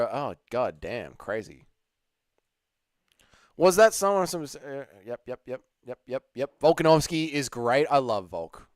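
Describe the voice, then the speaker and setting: An Australian man hosting a livestream, hungover and low on energy, chatting casually, swearing, and reading viewer messages. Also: dry recording, studio quality. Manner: laid-back, sweary, laughs easily. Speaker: livestream host.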